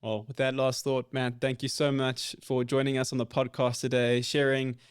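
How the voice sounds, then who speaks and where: Male podcast host, reflective, measured questions, medium pitch. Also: little pitch movement, clean tone. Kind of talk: interview hosting.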